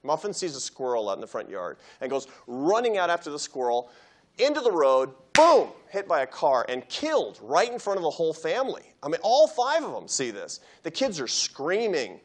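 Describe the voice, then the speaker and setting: A man giving a public university lecture, telling a story with lively animation and acting out quoted voices. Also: on the high side, moderate pace, a little hiss or hum. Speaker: guest lecturer.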